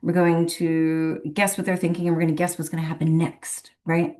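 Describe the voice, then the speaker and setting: A woman's voice: fairly low pitch, flat delivery, moderate pace, warm tone. A woman who works as a medium, telling a rambling story in a casual, chatty way and laughing often between phrases. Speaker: professional medium.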